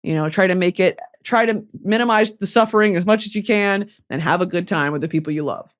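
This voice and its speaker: A woman's voice: fairly low pitch, a little fast. A young woman hosting a podcast, talking casually and animatedly, cursing often and getting emotional. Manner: animated, swears a lot, turns tearful and emotional. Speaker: podcast host.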